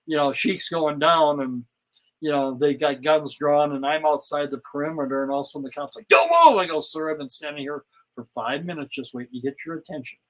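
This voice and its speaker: An older man with a slightly raised pitch spins road stories in a loose, chatty way. He jumps into the voices of the people he quotes as he tells them. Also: fairly quick, poor audio. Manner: animated storyteller, acts out quotes. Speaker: guest, retired pro wrestler. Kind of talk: casual interview storytelling.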